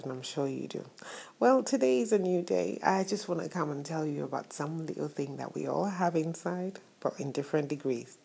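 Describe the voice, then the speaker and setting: A woman's voice: deep voice, creaky, slightly rough. A woman hosting an inspirational faith-based talk, speaking to her listeners with affectionate words and preacher-like repetition for emphasis. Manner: warm, affectionate addresses to listeners. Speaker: host of a motivational show.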